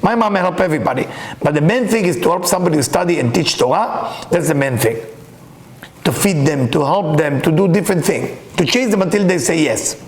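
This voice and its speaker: Man, Kabbalah teacher, lively storytelling lecture, slightly high voice, roomy echo. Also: fairly quick. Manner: animated, reads Hebrew text aloud and explains it. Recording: echoey room.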